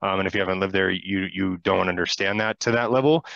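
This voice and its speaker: A man's voice: low-pitched, quick pace, gravelly, a bit bright, no room sound, lo-fi sound. A man born in New York, speaking hesitantly with many fillers on a casual podcast. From New York, USA.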